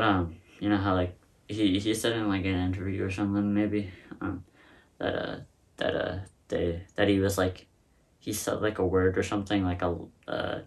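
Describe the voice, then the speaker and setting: A man's voice: sits low, gravelly, recorded from a distance. A man hosting a casual reaction video, rambling and hesitant with many fillers and restarts, recorded on a phone. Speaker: host reacting to a song.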